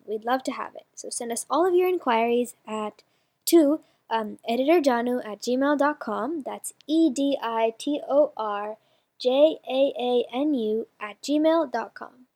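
A woman's voice: high voice, darkish tone. A woman presenting a magazine, reading submissions and a recipe aloud in a casual way, with fillers and self-corrections.

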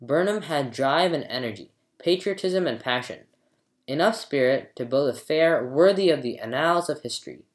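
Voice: medium pitch, lively intonation, normal speed, roomy sound. A storyteller giving a scripted book review and then reading a folktale aloud with dramatic expression.

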